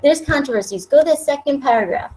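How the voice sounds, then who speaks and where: A woman's voice: high-pitched, animated, quick pace, background noise. A woman in her thirties from the United States, co-hosting a live political web show and making her point earnestly and insistently. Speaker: co-host.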